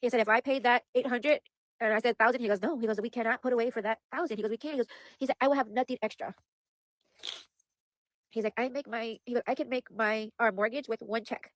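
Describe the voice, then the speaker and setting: A young woman speaks quickly to her viewers in a casual vlog, with a slightly high voice. She sounds worried and upset, circling back over the same points and filling her speech with "like" and "you guys." The recording is dry and close. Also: steady tone, no room sound. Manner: rambling, repeats herself, heavy use of "like" and "you guys". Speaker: vlogger.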